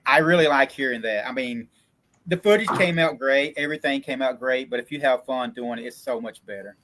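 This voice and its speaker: Hosting a casual chat about filmmaking, this indie filmmaker speaks with a Southern Kentucky accent in rambling bursts full of stammered restarts. His mid-range voice moves fairly quickly over a noisy background.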